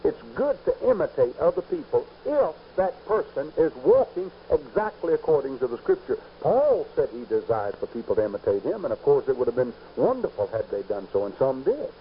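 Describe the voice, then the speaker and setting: A man preaching a sermon, emphatic and rising to loud peaks on key points. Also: medium pitch, very animated, fairly quick, hardly any pauses. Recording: dull lo-fi recording with faint hiss.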